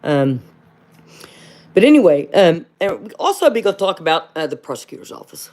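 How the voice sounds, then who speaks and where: A woman from hosting a casual livestream and answering viewer comments. She speaks bluntly, fills pauses with "uh", and calls everyone "honey". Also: lowish voice, sing-song, a little mellow. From southern Ohio. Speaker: livestream host.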